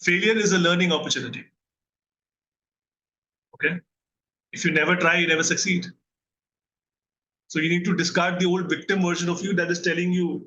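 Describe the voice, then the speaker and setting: In this recorded mental health lesson, an Indian English-accented therapist teaches earnestly, regularly checking in and posing questions to listeners. His high voice holds a steady tone, runs a little fast with long pauses, and sounds pushed and bright. Dull audio carries a faint hiss or hum.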